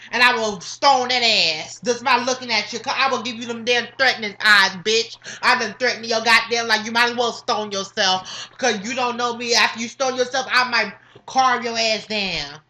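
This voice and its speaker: Woman, high voice, bright and sharp, sassy profane rant, emphatic, vlog to camera. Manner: sassy, swearing, emphatic, repeats "understand?". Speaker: vlogger.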